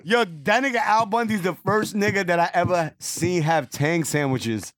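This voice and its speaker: A man co-hosting a podcast in loose, slangy casual chat, telling animated stories. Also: high-pitched, normal speed, very noisy. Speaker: podcast co-host.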